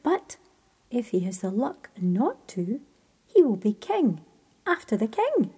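A woman's voice: a little high, very animated, slow, warm tone, slightly rough, heavily acted. A woman voicing a wheezy old woman of the roads in a whispered role-play story. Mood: ominous.

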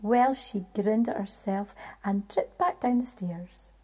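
A woman storyteller with a Scottish accent, telling a folk tale in a hushed, half-whispered way. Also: mid-range voice, takes it slowly, breathy edge.

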